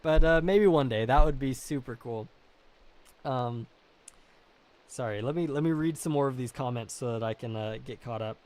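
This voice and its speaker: A man's voice: medium pitch, normal speed, a little mellow. A young man live-streaming and chatting casually, reading comments, rambling and apologizing a lot at his own expense. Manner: self-deprecating, rambling, apologetic.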